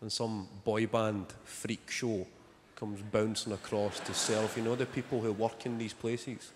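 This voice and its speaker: A man's voice: on the low side, little pitch movement, a little slow, noisy background. A young man doing stand-up comedy on stage, with dry, sardonic storytelling. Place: theatre stage before a live audience. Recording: large hall with loud audience laughter.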